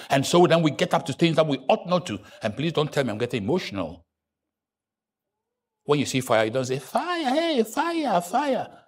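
A man preaching a sermon. His pitch sits a little high and swings widely, from quiet, low asides to loud, soaring exclamations. He keeps an animated pulpit manner throughout. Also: breathy edge. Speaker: pastor.

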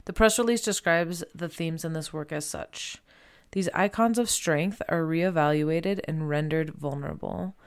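A woman's voice: deep voice, unhurried, clean tone. A woman presenting art in casual chat, chatty, laughing often and saying "like" a lot.

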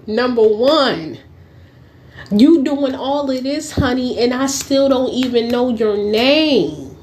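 Slow-talking young woman, profane storyteller. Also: sits high, a little hiss or hum. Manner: profane, blunt and animated, often breaking into laughter. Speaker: podcast host. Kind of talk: casual storytelling monologue.

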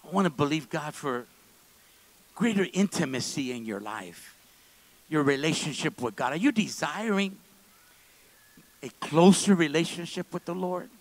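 A man preaching a sermon in a church service, moving between quiet, low asides and loud, fervent stretches. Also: expressive, normal speed, long pauses, rough recording. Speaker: pastor.

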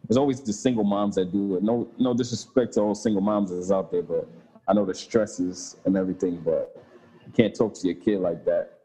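Laid-back low-voiced man in his thirties. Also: a little fast, slightly rough, rough recording. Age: 30s. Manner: relaxed, laid-back slang, frequent swearing. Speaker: father chatting with a friend. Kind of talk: casual chat.

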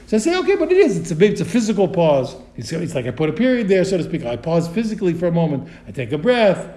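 A high, lively male voice with a dark, mellow tone leads a study lesson. He thinks aloud, restarting his sentences as he works through a question. The sound is roomy, with a clear echo. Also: fast. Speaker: Torah teacher.

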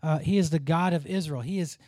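A man's voice: on the high side, fairly quick, a little mellow, no room sound, clean studio sound. A man giving a conversational Bible teaching, earnest and informal, often restarting his sentences as he works through his thoughts aloud.

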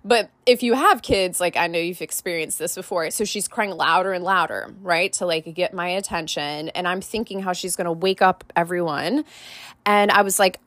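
A woman's voice: fairly low pitch, moderate pace, fairly bright tone, dry recording. Candid woman coach telling a story. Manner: casual and candid, many "like" and "right?" fillers. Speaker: podcast host and life coach. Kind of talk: personal storytelling podcast.

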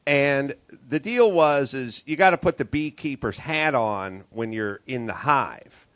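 A man's voice: mid-range voice, animated, measured pace, fairly bright tone. A man hosting a casual podcast, ranting and swearing as he tells a story and acts out the dialogue in it. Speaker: podcast host. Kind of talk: casual chat. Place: hotel room.

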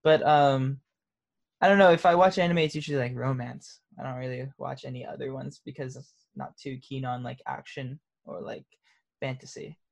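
Gravelly laid-back man. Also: mid-range voice, fairly even intonation, moderate pace. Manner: laid-back, laughs often, many fillers. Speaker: interviewed musician. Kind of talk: casual interview answers.

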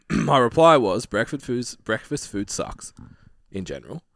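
A man co-hosting a podcast in casual chat, wry and quick to laugh, with casual swearing. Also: mid-range voice, animated, creaky, a bit bright, no room sound, clean studio sound. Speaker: podcast co-host.

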